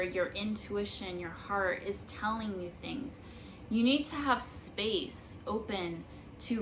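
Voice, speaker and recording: A young spiritual vlogger with a medium-pitched voice gives casual personal life advice in an earnest, rambling way, full of fillers. The recording is low quality, with a little hiss or hum.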